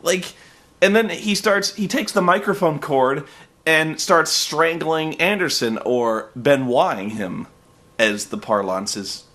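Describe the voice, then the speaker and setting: A man's voice: on the high side, sharp tone. A man hosting a comedic review, recapping events in an exasperated, profane, sarcastic rant that rambles along on fillers. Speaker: host reviewing wrestling.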